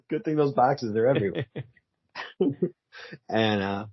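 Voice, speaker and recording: A man's voice: mid-range voice, animated, slow pace, no room sound, lo-fi sound. A man co-hosting a casual comic book review show, joking and chuckling as he comments on the story. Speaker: podcast co-host.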